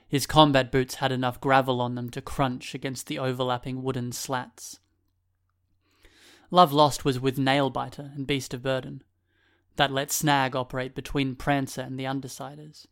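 Man narrating a story, measured. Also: medium pitch, clear, resonant tone. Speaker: audiobook narrator. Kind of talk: scripted narration.

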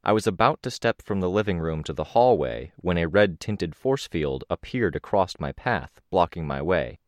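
A man with a very deep, low voice narrates a first-person audiobook in a measured, even storytelling manner. The recording is dry and close, with no room sound around him. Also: no room sound.

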